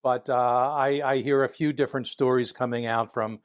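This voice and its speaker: A man's voice: medium pitch, steady tone, normal speed, no room sound, clean studio sound. A man in his sixties from Philadelphia, with a Philadelphia accent, telling stories in a casual interview, chuckling and acting out other people's lines. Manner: chatty, acts out voices in anecdotes, chuckles while talking. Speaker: guest, retired FBI agent.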